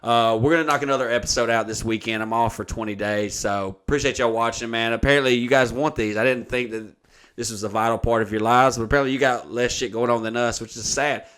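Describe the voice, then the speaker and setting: A man's voice: mid-range voice, steady tone, fast talker, fairly bright tone, smooth. Profane man rambling a story. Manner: profane, rambling anecdote-telling. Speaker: podcast host. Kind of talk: casual storytelling chat.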